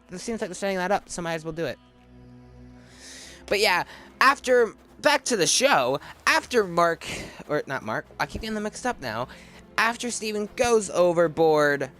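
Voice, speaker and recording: A man's voice: a little high, a bit bright. Rambling young man reviewing an episode. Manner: rambling, self-correcting, emotional. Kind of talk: casual spoken review.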